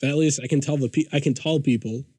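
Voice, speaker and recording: A man's voice: medium pitch, fast talker, breathy edge, dry recording. A man telling a story in casual podcast chat, swearing freely and acting out what people said. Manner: profane, animated storyteller acting out quotes. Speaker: podcast guest.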